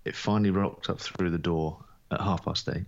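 A man's voice: sits low, fairly even intonation, moderate pace, vocal fry, dull audio. A laid-back man with a dry, grumbling manner, co-hosting a casual podcast. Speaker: podcast co-host.

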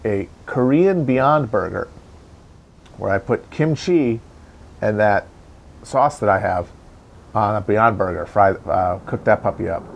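A man's voice: fairly low pitch, unhurried, vocal fry, pauses often. A man hosting a casual, rambling political commentary, sardonic and profane. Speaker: commentator host.

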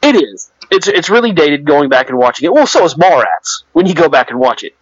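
A relaxed man in casual podcast chat, giving his opinions and leaning on fillers. His voice is a touch high. The sound is dry and a little dull. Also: fairly quick, breathy edge, no echo. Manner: laid-back, filler-heavy, offers opinions. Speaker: podcast co-host.

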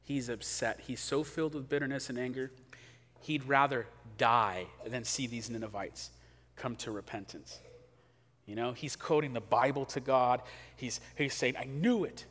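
A man preaching a sermon in a casual, animated way, acting out quotes, in a church hall. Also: mid-range voice, moderate pace. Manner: conversational, animated, acts out quotes. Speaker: pastor. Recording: long hall reverb.

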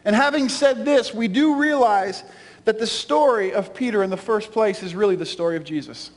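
A man's voice: sits high, moderate pace, in a large hall. A man pastor preaching a sermon with an emphatic, repetitive cadence in a church sanctuary.

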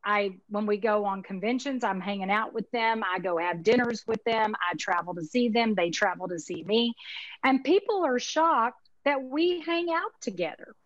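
A woman's voice: mid-range voice, normal speed, dry recording, dull audio. A woman in her fifties with a Texas accent, talking in a folksy, emphatic, chatty way as a guest in a casual interview. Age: 50s. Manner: folksy, chatty, emphatic, uses Southern expressions. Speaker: insurance marketing organization owner, guest.

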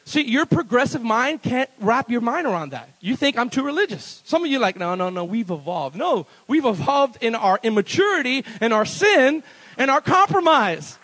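A man preaching a sermon as pastor at a church service, animated and playful, breaking into laughs between bold declarations. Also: extremely high pitch, moderate pace, poor audio.

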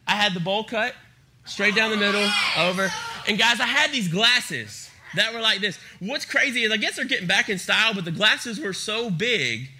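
High, bright, energetic young man preaching. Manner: energetic, humorous storytelling. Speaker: youth pastor. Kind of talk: youth sermon. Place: church youth service.

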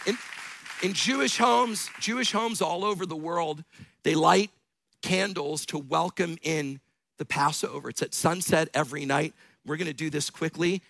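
A middle-aged man preaching a sermon as pastor, telling stories with bursts of shouting and laughter. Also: a little high, normal speed, creaky, a faint crowd, slight background noise.

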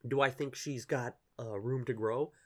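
Podcast host, man, mid-pitched, opinionated and sweary, loose casual talk. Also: fairly even intonation, moderate pace, fairly bright tone. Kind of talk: casual chat.

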